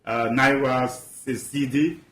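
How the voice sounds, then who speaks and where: A man's voice: medium pitch, steady tone, slow pace, a bit bright, echoey room. A man from Ivory Coast, a guest expert in an interview, talking passionately with emphatic rhetorical questions. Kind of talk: animated interview talk.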